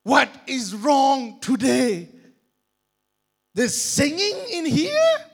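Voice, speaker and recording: A man's voice: high voice, unhurried, bright, forceful tone, heavily acted. A man voicing nosy, fretful talking prison walls that ask fussy questions. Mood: puzzled.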